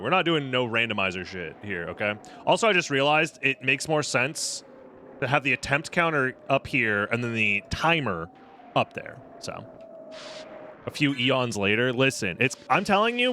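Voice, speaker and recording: A man's voice: medium pitch, sharp tone, slight background noise. A young man streaming a video game, chatting casually with his viewers in a snarky, sarcastic way and swearing freely. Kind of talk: casual live-stream gaming chat.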